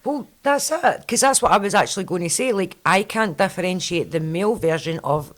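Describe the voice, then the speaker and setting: A woman's voice: lowish voice, animated. A woman with a Scottish accent hosting a podcast in a chatty, rambling way. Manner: chatty, quick, rambling storyteller. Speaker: podcast host. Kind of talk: casual chat.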